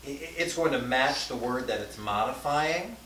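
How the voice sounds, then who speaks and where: A man's voice: mid-range voice, moderate pace. A man teaching a language class in a conversational lecture style, often adding fillers and checking in with his students. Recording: echoey classroom from far off, faint hiss.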